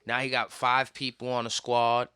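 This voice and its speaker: A young man, hosting a casual podcast and telling stories in an animated, slangy way full of swearing. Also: medium pitch, moderate pace, clear, resonant tone, no echo, studio quality. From Puerto Rican, raised in New York. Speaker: podcast host.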